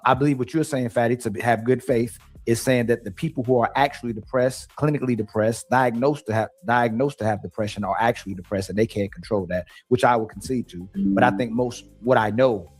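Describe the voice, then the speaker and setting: A man's voice: mid-range voice, steady tone, fairly quick, breathy edge, faint music behind. A man on a podcast panel making a reasoned argument, stopping and restarting as he goes. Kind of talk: casual debate.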